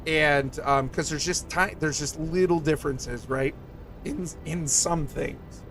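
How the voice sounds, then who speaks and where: Chatty Southwest Michigan man, higher voice. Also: a little slow, fairly bright tone, a little hiss or hum. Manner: rambling, filler-heavy, reads chat aloud. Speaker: streamer. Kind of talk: casual chat with viewers.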